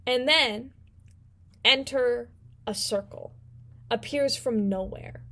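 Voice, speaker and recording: A woman's voice: fairly high pitch, takes it slowly, fairly bright tone. A woman casually recapping a book as a vlog host, playful and rambling with slang. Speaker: book vlogger.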